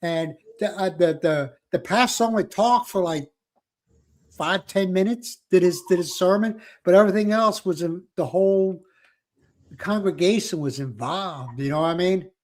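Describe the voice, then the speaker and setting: A man chats casually on a livestream, his voice sitting a little high. He talks in an animated way, repeats phrases and laughs often as he answers viewers. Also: moderate pace. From South Philadelphia. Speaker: livestream host. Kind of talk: casual live chat with viewers.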